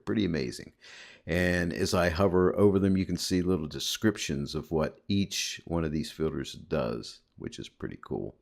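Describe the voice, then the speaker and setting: A man giving a chatty, upbeat photo editing tutorial over a screen recording, often addressing viewers as guys. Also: deep voice.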